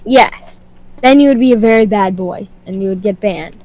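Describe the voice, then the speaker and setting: A woman co-playing on a gaming stream, excitable and giggly, with dramatic outbursts. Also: mid-range voice, moderate pace, poor audio. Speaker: stream co-player. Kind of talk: casual gaming stream chat.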